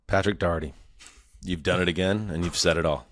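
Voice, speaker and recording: A man's voice: sits low, steady tone, fairly quick, a little hiss or hum. A man hosting a football podcast, joking and teasing his guests. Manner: jokey, playful teasing. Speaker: podcast host. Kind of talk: casual podcast chat.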